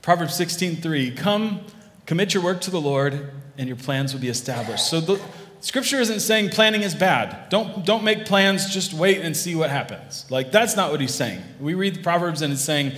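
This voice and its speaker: Male pastor, conversational preaching with restarts, slightly high voice, reverberant sanctuary sound. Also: animated, normal speed, fairly bright tone. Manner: conversational, with many restarts and asides to the congregation. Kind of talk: sermon. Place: church hall. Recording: long hall reverb.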